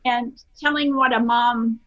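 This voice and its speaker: Earnest older woman, bright high voice. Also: steady tone, a little slow, highs cut off. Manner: earnest, self-deprecating, meandering. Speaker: interview guest. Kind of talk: casual interview storytelling.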